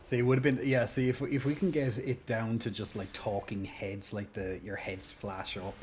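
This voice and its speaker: A man's voice: fairly low pitch, flat delivery, moderate pace, background noise. A male streamer chatting casually while gaming, rambling and self-mocking, on a desk mic beside a clicky mouse. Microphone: desk mic near a clicky mouse.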